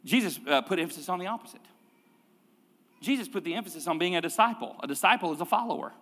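Middle-aged man, pastor, preaching a sermon; slightly high voice, reverberant church hall. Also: expressive, fast, sharp tone. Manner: conversational preaching with rhetorical questions and repetitions. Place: church sanctuary.

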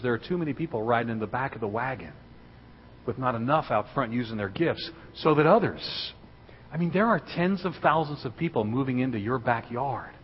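A man giving a sermon as a guest speaker in a church, telling a story and building to loud, excited preaching. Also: mid-range voice, fast talker, a little hiss or hum. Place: church sanctuary. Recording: dull recording in a reverberant hall.

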